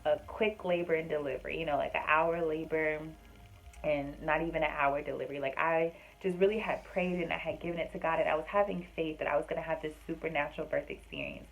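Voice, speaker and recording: A woman's voice: low-pitched, steady tone, quick pace, creaky, rough recording. A woman vlogger telling a personal story in a casual, earnest, chatty way, with many fillers. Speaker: vlogger and homemaker.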